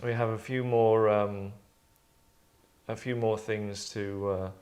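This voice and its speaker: Hosting and directing a voice session, a man offers notes in a rambling manner, restarting often and acting out lines. His voice is on the low side and darkish, with little pitch movement, and he takes his time.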